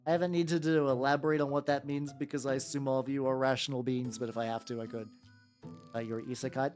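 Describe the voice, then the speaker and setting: A woman from the United States with a very deep, darkish voice streams herself painting miniatures, speaking steadily at a moderate pace. She chats casually and playfully with viewers, rambling and swearing a bit, as faint music plays behind her.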